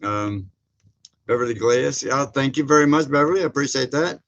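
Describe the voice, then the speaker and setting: A man's voice: medium pitch, normal speed, a bit bright, lo-fi sound. Man, livestream host, loose rambling chat-reader. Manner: folksy, laughs often, many fillers. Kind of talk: casual live chat. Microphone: streaming setup mic.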